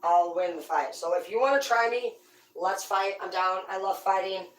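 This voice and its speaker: A woman's voice: mid-range voice, moderate pace. Brash, swearing woman in an echoey room. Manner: profane, brash, rambling. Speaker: tarot reader and host. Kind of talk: casual ranting monologue. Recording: echoey room, voice far from the mic.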